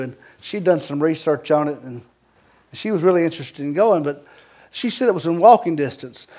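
A Southern-accented man from the Carolinas delivers a sermon from the pulpit. His voice sits a little on the high side, and he mixes scripture with folksy jokes and homespun turns of phrase. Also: a little mellow. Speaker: pastor.

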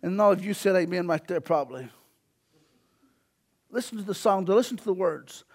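A man, preaching a sermon emphatically and swelling to shouts. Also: high-pitched, animated, normal speed, creaky. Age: 40s. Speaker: pastor.

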